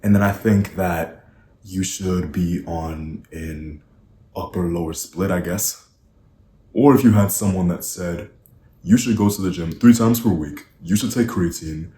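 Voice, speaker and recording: A man's voice: low voice, dark tone. A man speaking as a coach, giving earnest, direct advice and putting rhetorical questions to the listener. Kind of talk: instructional advice talk. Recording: roomy echo, faint background noise.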